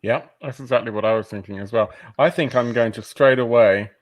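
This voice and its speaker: A man's voice: mid-range voice, a little fast. A man playing a tabletop game, talking casually and decisively. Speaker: player.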